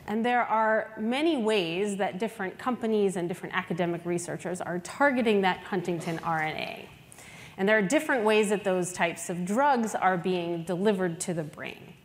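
A woman's voice: medium pitch, moderate pace. Woman explaining science in a reporter voice. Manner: put-on news reporter voice. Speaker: scientist giving a special report. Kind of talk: mock news report presentation. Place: conference hall. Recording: echoey conference hall.

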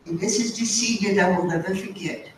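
Older woman, slow deliberate storytelling, far from the mic, booming hall echo, faint noise. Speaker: guest speaker. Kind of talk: storytelling testimony. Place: high school auditorium.

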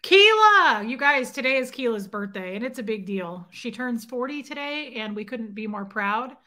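A woman in her late thirties hosting a casual livestream, chatting warmly and greeting viewers by name with playful nicknames. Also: a little high, moderate pace. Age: 30s. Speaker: livestream host. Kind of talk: casual live chat reading viewer comments.

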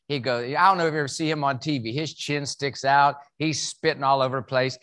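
A man's voice: medium pitch, steady tone, fairly quick, fairly bright tone. A man from West Virginia with a Southern accent, giving a humorous motivational keynote at an event, folksy and full of jokes. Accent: Southern American. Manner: folksy, joking storyteller. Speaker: keynote speaker. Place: event hall.

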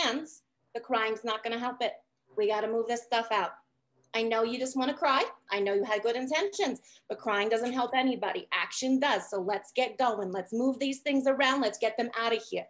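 A woman voicing a brash, fast-talking auntie in a tabletop game, giving blunt tough-love encouragement. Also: fairly high pitch, a little hiss or hum, close to an everyday voice. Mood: firm, rousing. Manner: firm, brisk pep talk with commands.

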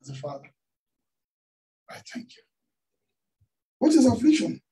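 A man's voice: very high-pitched, very animated, measured pace, warm tone, far from the mic, poor audio. A man preaching a sermon, telling a story and tossing questions out to the congregation. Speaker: pastor. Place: church hall.

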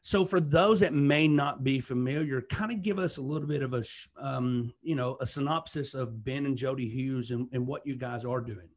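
A man's voice: medium pitch, moderate pace, hardly any pauses. A man with a Southern US accent hosting a podcast interview in a casual, upbeat and effusive way, often restarting his words. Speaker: podcast host.

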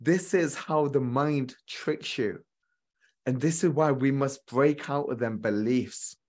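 A man's voice: mid-range voice, takes it slowly, a little mellow. A man giving a motivational relationship coaching talk straight to viewers, earnest and repeating key lines for emphasis.

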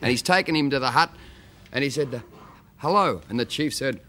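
An Australian man telling jokes on a TV show, a lively storyteller who acts out the characters. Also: medium pitch, fast, noisy background. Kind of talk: joke telling.

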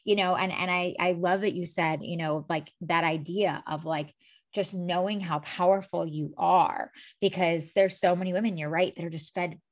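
A woman's voice: on the low side, steady tone, moderate pace. A woman hosting a podcast, telling a personal story in rambling casual chat full of filler words. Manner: rambling storyteller, many "like"s and "you know"s. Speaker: podcast host.

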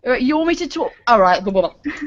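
A woman's voice: a little high, animated, fast. Scouse woman trolling in a thick accent. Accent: Scouse (Liverpool). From Liverpool, England. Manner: ironic, heavy regional accent others can't follow. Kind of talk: mock-serious trolling banter on a stream. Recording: dull lo-fi stream audio.

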